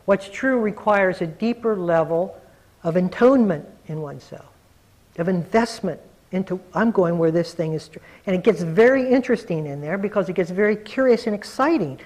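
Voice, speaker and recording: A man who is a meditation teacher, giving a reflective, earnest dharma talk to a group and slowing down to stress key words. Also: sits high, animated, a little mellow, poor audio.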